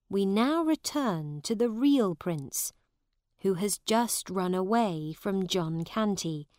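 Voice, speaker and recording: A woman narrating a storybook in a careful, deliberate way. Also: medium pitch, a little mellow, dry recording, studio quality. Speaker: audiobook narrator. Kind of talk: slow storybook narration for learners.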